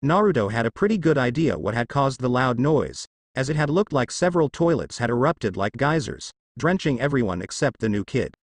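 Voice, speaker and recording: A man reads a fan story aloud with an animated, expressive pitch. His voice sits mid-range and close, with no room sound around it. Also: brisk, few pauses, no echo. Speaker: fanfiction reader. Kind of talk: scripted story narration.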